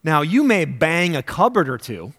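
A man preaching a weekend sermon to a congregation in a church. He talks conversationally, asks the listeners questions, and acts out quoted prayers loudly. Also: big pitch swings, normal speed, a little hiss or hum. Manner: acts out quoted prayers with big jumps in pitch and volume. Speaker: pastor. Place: church sanctuary before a congregation.

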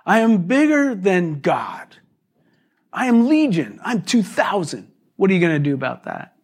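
A man's voice: sits high, big pitch swings, a little slow, breathy edge, pitched above the performer's own voice, heavily acted. A man voicing a boastful male devil who taunts with arrogant defiance, within a sermon. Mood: taunting.

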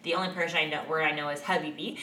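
Low, bright-voiced woman in echoey room. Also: steady tone, rapid-fire, a little hiss or hum. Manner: laughing often, swearing freely. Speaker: podcast co-host. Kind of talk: casual chat. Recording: echoey room, mic at a distance.

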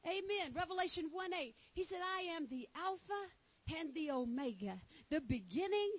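High-voiced fervent Texan woman preaching. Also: animated, moderate pace, low-quality recording. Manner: fervent, exclaiming, reading scripture aloud. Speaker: pastor. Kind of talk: sermon.

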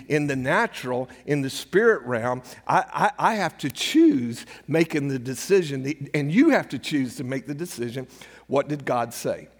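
An older man preaching a sermon, telling a personal story in a conversational way and acting out the dialogue. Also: on the high side. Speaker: pastor. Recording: hall reverb.

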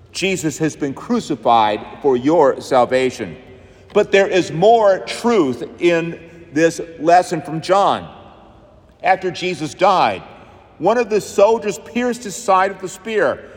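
A male pastor preaching a sermon in an emphatic, rhythmic style, leaning on repeated phrases. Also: fairly high pitch. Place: church. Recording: long church reverb.

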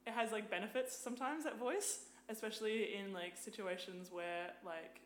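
A woman's voice: medium pitch, normal speed, echoey room, a little hiss or hum. A young woman, a podcast guest, chatting casually, full of "like" and swearing freely. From Australia. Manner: animated, swears freely, lots of "like". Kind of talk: casual chat.

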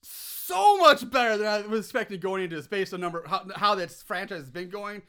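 A man's voice: high voice, lively intonation, fairly quick, pushed and bright. A man co-hosting a casual movie podcast who chats and laughs, swears freely and sometimes breaks into mock accents. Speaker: podcast co-host. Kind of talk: casual movie review chat.

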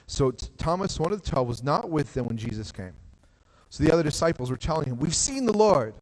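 A man's voice: on the high side, animated, fast. Guy pastor preaching on a church stage, chatty, lots of "like", hall reverb trailing. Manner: conversational preaching with frequent "like" and restarts. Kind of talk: sermon.

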